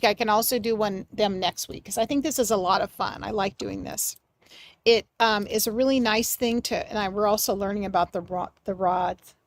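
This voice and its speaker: A woman giving a live mediumship reading on a livestream, speaking gently and affectionately, sometimes dropping soft and sometimes breaking into excited bursts. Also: medium pitch. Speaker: psychic medium.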